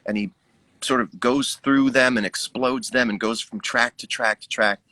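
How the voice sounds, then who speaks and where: A man's voice: medium pitch, fairly even intonation, moderate pace, bright, forceful tone, no room sound. A man, a musician guest, chatting casually on a live stream and musing aloud, acting out his own inner remarks. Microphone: video call.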